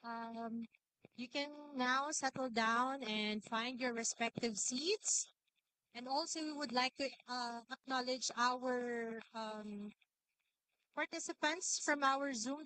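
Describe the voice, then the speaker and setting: A woman's voice: high-pitched, takes it slowly, bright, forceful tone. A woman hosting an event in a hall, giving announcements with some hesitation. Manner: hesitant, with fillers and repeats. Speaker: event host.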